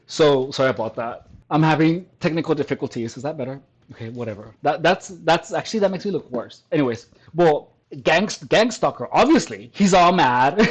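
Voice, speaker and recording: A man's voice: on the high side, rough recording. A man doing casual, crude commentary on online comments, scoffing, laughing often and restarting his sentences, talking at home. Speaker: commentary vlogger reacting to comments.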